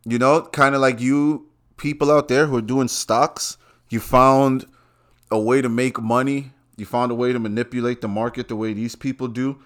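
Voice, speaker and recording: A man hosting his own podcast, talking in a casual, profane rant that jumps suddenly louder and higher. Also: normal speed. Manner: animated, swearing, sudden loud jumps in pitch. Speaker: podcast host. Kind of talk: casual ranting monologue.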